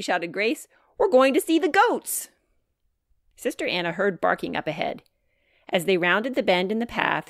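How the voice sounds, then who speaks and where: A woman narrates her own children's chapter book in a clear, measured storytime voice. Her voice sits slightly low. The recording is close and dry. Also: no room sound. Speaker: author reading her book.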